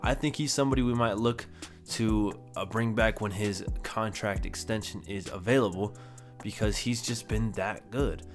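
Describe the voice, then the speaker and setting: Young guy with a lowish voice chatting through his game, reading off stats, bit of music behind. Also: normal speed. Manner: chatty, self-correcting, rattling off stats. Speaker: gaming YouTuber. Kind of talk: casual game commentary.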